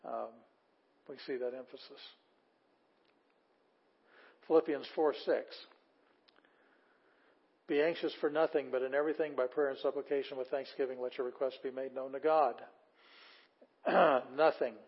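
A man's voice: medium pitch, steady tone, measured pace, long pauses, husky. A man teaching a Greek class, reading Bible verses aloud and explaining them word by word in a casual, enthusiastic way. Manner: casual with fillers, enthusiastic asides. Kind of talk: classroom lecture. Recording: slightly dull lo-fi audio.

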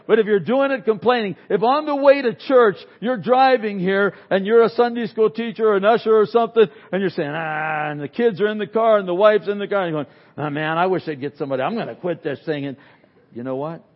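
A man preaching an unscripted sermon, swinging from loud emphasis to near-whispers and acting out complainers in quick asides. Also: sits high, muffled recording. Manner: animated, swings from loud to very quiet. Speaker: pastor.

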